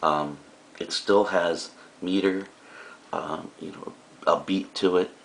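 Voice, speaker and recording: A man's voice: deep voice, fairly even intonation, slow, vocal fry, slight background noise. A male teacher giving a recorded lecture, explaining in a casual way with frequent fillers and asides.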